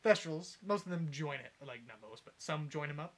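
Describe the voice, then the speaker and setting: A young man casually retelling a fan story, rambling and swearing, sometimes shouting out the characters' lines. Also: on the high side, fairly quick, few pauses, a little hiss or hum. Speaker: podcast co-host retelling a fanfic. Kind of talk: casual chat, uncensored storytelling.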